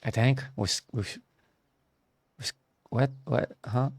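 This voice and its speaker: A man's voice: mid-range voice, steady tone, a little slow, vocal fry, no room sound. A man streaming a video game live, muttering to himself and poking fun at his own mistakes. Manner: muttering, self-deprecating. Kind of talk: live gameplay commentary.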